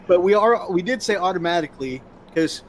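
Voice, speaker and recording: A man's voice: high voice, animated, a little fast, a little hiss or hum. A man co-hosting a live chat show, upbeat and reading viewer comments aloud. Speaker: co-host. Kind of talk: casual chat.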